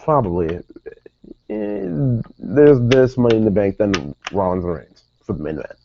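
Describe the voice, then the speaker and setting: A man's voice: deep voice, animated, brisk, mellow, lo-fi sound, slight background noise. A man giving a casual, rambling recap of a wrestling show as its regular reviewer, often correcting himself and saying "dude" and "like". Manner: rambling, self-correcting, says "dude" and "like" a lot.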